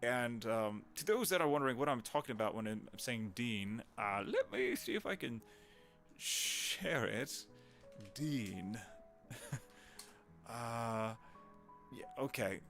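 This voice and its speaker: Chatty man with a lively voice. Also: mid-range voice, takes it slowly, long pauses, faint music behind. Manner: chatty and rambling, greets viewers warmly. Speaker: voice actor livestreaming to viewers. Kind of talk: casual live-stream chat.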